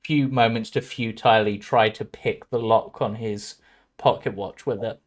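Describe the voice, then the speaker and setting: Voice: medium pitch, steady tone, moderate pace. A player in a tabletop game, talking in an easygoing, chatty way. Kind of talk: casual tabletop play.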